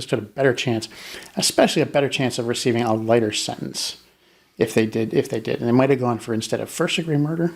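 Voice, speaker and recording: Gravelly man in casual true-crime chat. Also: medium pitch. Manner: animated, acts out jurors in quick mock voices. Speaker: podcast co-host.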